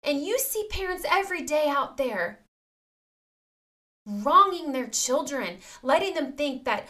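Emphatic, preachy higher-voiced woman. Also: very animated, slow pace, sharp tone. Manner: emphatic and preachy, keeps addressing viewers as "you guys". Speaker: parenting vlogger. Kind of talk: impassioned direct-to-camera talk.

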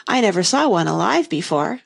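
A woman's voice: lowish voice, sing-song, fairly quick, vocal fry, breathy edge, dry recording, clean studio sound, exaggerated voice. A woman voicing a polite, curious young girl in a storybook.

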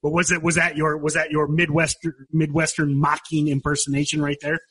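A man's voice: a little high, monotone, a little fast, pushed and bright, breathy edge. A middle-aged man co-hosting a podcast in casual chat, rambling and often repeating himself as he thinks. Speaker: podcast co-host.

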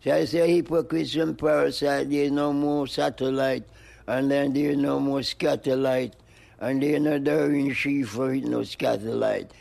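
Medium-pitched and creaky with a darkish tone, an older man speaks at a measured pace and fairly even intonation. As an interviewed music pioneer, he chants free-flowing poetry and wordplay rhythmically and sing-song, with animal noises and laughs.

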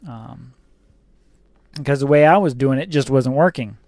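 A man's voice: mid-range voice, a little slow, vocal fry, a little mellow, dry recording, clean studio sound. A man who drives a truck, telling a rambling, casual story about his workday, with fillers and some swearing.

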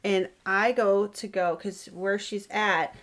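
A woman's voice: mid-range voice, takes it slowly. A woman co-hosting a podcast, telling a story in casual chat and acting out what people said. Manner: animated storyteller, acts out quoted lines.

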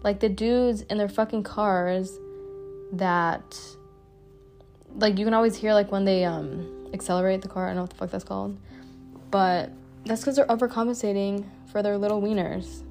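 A woman's voice: medium pitch, fairly even intonation, normal speed, a little mellow, faint music behind. A young adult woman hosting her own podcast, talking in a blunt, profane, chatty way with lots of "like" fillers. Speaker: podcast host. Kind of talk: casual solo podcast monologue.

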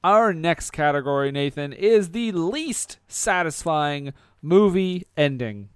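A man co-hosting a comedy award skit, speaking with a wry, deadpan delivery. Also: on the high side, takes it slowly, smooth, no echo, studio quality. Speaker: co-host.

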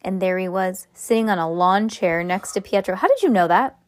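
A woman's voice: mid-range voice, normal speed, no echo. Lady reading a chapter book to her kid, mid voice, chats in between, dry room. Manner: reads with asides, restarts and laughs. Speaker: parent reading aloud to a child. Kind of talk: casual read-aloud of a novel.

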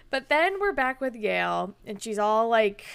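A young woman talks through a TV episode in relaxed podcast chat, her voice a little high and gravelly. She fills her sentences with "like" and laughs as she mimics the characters. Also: dry recording. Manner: chatty, lots of "like", acts out quotes with laughs. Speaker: podcast co-host. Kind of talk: casual chat recapping a TV episode.

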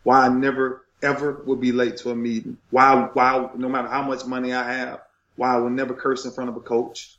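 A man's voice: mid-range voice, fairly even intonation, fairly quick, echoey room, muffled recording. A middle-aged man, a retired football player, telling an emotional story in a passionate, preacher-like rhythm.

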